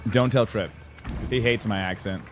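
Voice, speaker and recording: A man's voice: on the low side, moderate pace, faint music behind. A young man streaming a game live, rambling and joking about what's on screen with sing-song asides. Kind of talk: live gameplay commentary.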